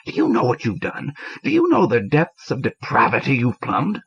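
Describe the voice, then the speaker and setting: A crusty old priest, nearing sixty, weary one moment and blustering the next, as a male reader puts him on. His voice sits at an ordinary middle pitch. The sound is dull and lo-fi, like an old cassette. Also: huge pitch swings, moderate pace, gravelly, a bit bright, breathy edge, heavily acted. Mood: outraged. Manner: exasperated, blustering when roused.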